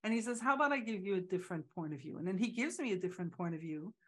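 A woman in casual, reflective conversation, talking haltingly with many restarts and acting out the voices she quotes. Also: medium pitch, lively intonation, a bit bright, breathy edge.

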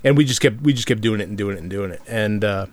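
A man talking casually about tabletop games as a podcast co-host, halting often with fillers and restarts. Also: fairly low pitch. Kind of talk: casual discussion.

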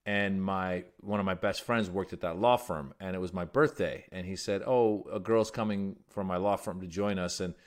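A man's voice: low-pitched, steady tone, normal speed, few pauses. A male comedian who came from Iran as a child and grew up in the United States, telling stories in a casual interview with lots of restarts and fillers. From Iran, raised in the United States. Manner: rambling storyteller with many restarts and fillers. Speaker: comedian guest.

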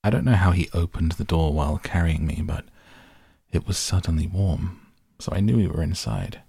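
A man reading an audiobook in a measured, steady way. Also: sits low, vocal fry, breathy edge, dry recording, clean studio sound. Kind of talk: audiobook narration.

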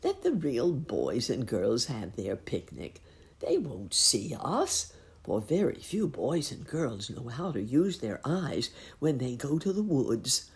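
A woman voicing a kindly, cheerful old rabbit gentleman in a storybook reading. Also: extremely low pitch, huge pitch swings, takes it slowly, exaggerated voice. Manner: cheerful, chuckling.

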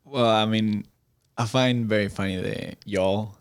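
A man talks as a podcast guest in a fairly low voice. He hesitates and restarts his sentences, often breaking into laughs. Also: steady tone, a little slow, smooth. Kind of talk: casual chat.

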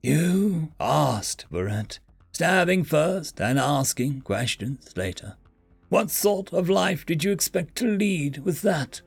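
A man doing a dark, slow-spoken knight. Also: fairly high pitch, very animated, vocal fry, slightly rough, no room sound, soft background music, heavily acted. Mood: menacing. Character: ominous armored knight figure, male.

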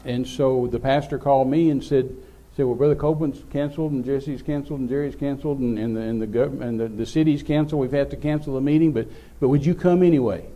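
A man's voice: mid-range voice, fast, few pauses, muffled recording. An older man, telling a rambling, folksy story as a preacher. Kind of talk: sermon storytelling.

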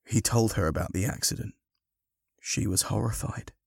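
A man narrating a storybook in a slow, measured, expressive way. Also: on the low side, gravelly, husky, dry recording, studio quality.

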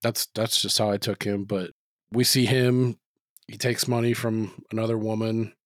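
A man's voice: on the low side, flat delivery, normal speed, no room sound, clean studio sound. Rambling man in casual podcast chat. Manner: rambling, loose, swears freely, lots of "like".

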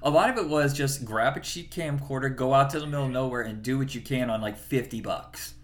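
A man's voice: mid-range voice, a little fast, a bit bright. A man co-hosting a podcast in casual chat, enthusiastic and profane, laughing often as he recalls favorites. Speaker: podcast co-host.

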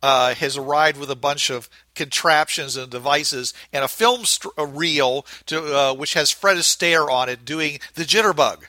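Fields: Sex: man. Role: tabletop player. Style: casual, rambling narration. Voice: very bright, dry close sound. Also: fairly high pitch, moderate pace, few pauses, dry recording. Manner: rambling, hesitant, filler-heavy.

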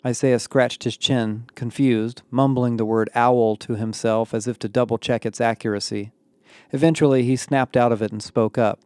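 Guy reading a story out loud, wry deadpan delivery, mellow voice. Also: mid-range voice, normal speed, no echo, studio quality. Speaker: audiobook narrator. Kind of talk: scripted narration with character voices.

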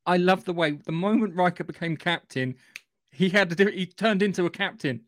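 A man's voice: high voice, a little fast. A man co-hosting a podcast in casual chat, eagerly working out theories aloud. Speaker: podcast co-host.

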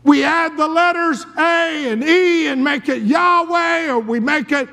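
A male preacher telling a story dramatically in a sermon, dropping to a hush and then rising to a shout. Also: very high voice, measured pace, creaky. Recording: long reverb of a large hall.

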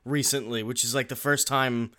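A man's voice: mid-range voice, fairly even intonation, moderate pace, sharp tone. A man hosting a casual chat, joking and rambling with frequent restarts.

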